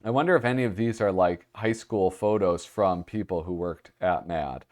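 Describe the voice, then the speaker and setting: A man's voice: sits low, normal speed, darkish tone. A man hosting a casual read-through, reading passages aloud and breaking off for chatty asides and chuckles. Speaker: host.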